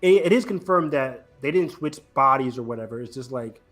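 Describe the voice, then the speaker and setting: A man's voice: mid-range voice, expressive, a little fast, music in the background. A man hosting a casual podcast chat, talking eagerly with many fillers. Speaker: podcast host.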